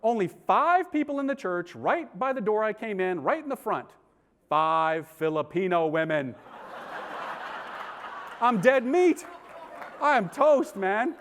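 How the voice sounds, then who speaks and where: A priest telling his conversion story to an audience in an animated, slangy, comic way. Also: high voice, unhurried, long pauses. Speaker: priest and speaker.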